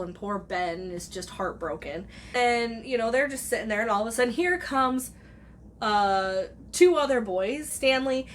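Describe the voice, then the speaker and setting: A woman's voice: medium pitch, a little hiss or hum. A woman in a casual, rambling movie review who retells the plot, swears freely and acts out the characters' lines. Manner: chatty and animated, swears freely, acts out quotes.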